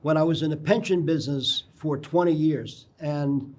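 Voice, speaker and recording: An older man, a guest on a local TV interview, telling anecdotes in a rambling way and often clearing his throat. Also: a little high, normal speed, darkish tone. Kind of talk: casual interview storytelling. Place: local TV studio.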